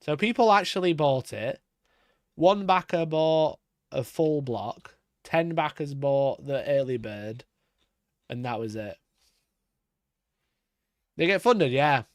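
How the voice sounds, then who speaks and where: A man's voice: fairly high pitch, animated, takes it slowly, long pauses, no echo. Sweary, laughing male streamer, dry sound. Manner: sweary, laughs often, talks to his cat. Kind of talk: casual live-stream chat.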